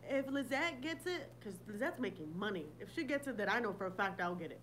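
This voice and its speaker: A woman's voice: medium pitch, lively intonation, quick pace, a bit bright, slight background noise, rough recording. A woman hosting a casual livestream, talking bluntly with lots of swearing and laughter while answering viewer comments. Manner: blunt, profane, laughing often. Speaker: livestream host.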